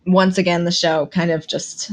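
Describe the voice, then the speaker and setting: A woman's voice: lowish voice, flat delivery, moderate pace. A woman co-hosting a podcast, casually recapping episodes with amusement. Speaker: podcast co-host. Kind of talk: casual chat.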